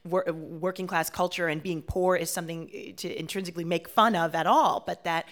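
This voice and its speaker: A woman from Washington, D.C., a performer being interviewed on the radio, who talks in an animated, chatty way. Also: lowish voice, brisk. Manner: animated, talkative, with frequent "you know" fillers. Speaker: performer and guest.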